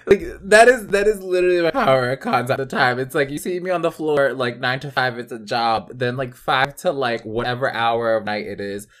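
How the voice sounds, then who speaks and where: A man's voice: medium pitch, fairly quick, few pauses, fairly bright tone. A young man hosting a podcast, bantering casually in a laid-back, playful way. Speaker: podcast host. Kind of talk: casual chat.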